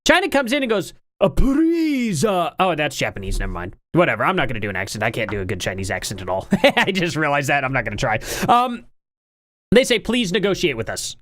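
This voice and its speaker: A woman's voice: a bass voice, huge pitch swings, quick pace, a bit bright, no echo. Sarcastic lady streamer reacting to a clip, voice swoops up and down a lot. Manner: sarcastic, rhetorical questions. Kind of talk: casual commentary.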